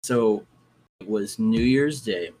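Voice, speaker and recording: A young man, a podcast guest, telling his own ghost experiences in a casual, animated way and acting out his reactions. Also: fairly low pitch, takes it slowly, slight background noise, rough recording.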